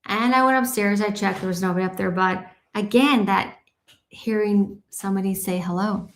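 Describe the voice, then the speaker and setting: A woman's voice: medium pitch, normal speed, roomy sound. A woman guest on a radio show, telling personal anecdotes in a chatty, casual way with many "you know"s. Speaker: guest storyteller. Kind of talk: casual interview conversation.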